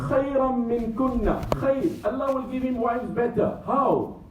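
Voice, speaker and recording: A man from Africa, an Islamic scholar, giving an impassioned sermon with joking asides and rapid Arabic recitation in a large mosque hall. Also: extremely high pitch, expressive, background noise. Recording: echoey hall, distant mic, dull sound.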